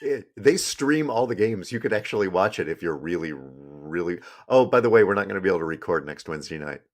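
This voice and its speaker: A man's voice: low-pitched, lively intonation, fairly quick. A man co-hosting a podcast, chatting casually and joking, trailing off with fillers. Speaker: podcast co-host. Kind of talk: casual chat.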